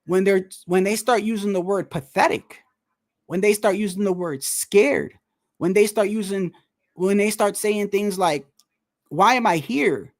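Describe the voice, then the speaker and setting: A man, a boxer, chatting casually about a fight, animated and laughing, saying "bro" a lot. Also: high-pitched, unhurried. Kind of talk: casual fight commentary chat.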